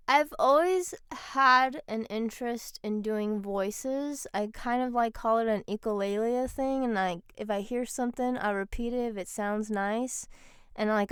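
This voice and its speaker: A woman, a voice actor, answering interview questions in a thoughtful, soft-spoken way. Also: fairly high pitch, clean tone, no room sound, clean studio sound.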